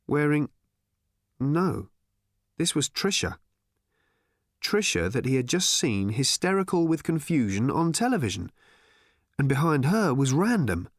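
A man narrating an audiobook in an expressive storytelling manner. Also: fairly high pitch, unhurried, long pauses, dry recording, clean studio sound. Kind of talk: scripted narration.

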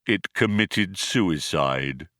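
A man voicing a gloomy, depressed male robot in an audiobook, with a muffled, mournful drone and slow, dejected delivery. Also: low voice, animated, sharp tone, no room sound, studio quality, voice pushed down, heavily acted. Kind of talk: audiobook character voice.

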